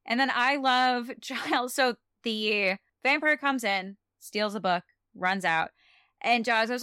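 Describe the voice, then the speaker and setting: A woman's voice: on the high side, unhurried, pushed and bright, clear, resonant tone, no echo, clean studio sound. A young adult woman co-hosting a podcast, chatting casually and animatedly about a TV episode, with lots of "like". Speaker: podcast co-host. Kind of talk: casual chat recapping a TV episode.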